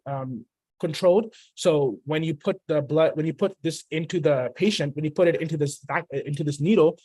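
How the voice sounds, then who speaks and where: Young guy, kinda high voice, lots of ums and restarts, teaching how to draw blood, dry sound. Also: darkish tone, no echo. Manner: halting, many fillers and restarts. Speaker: phlebotomist presenter. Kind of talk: informal instructional talk.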